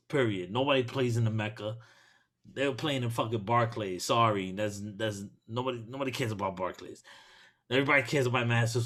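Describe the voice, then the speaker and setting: A man from Brooklyn, hosting a podcast in casual, profane, excitable chat and laughing often. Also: medium pitch. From Brooklyn, New York. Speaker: podcast host.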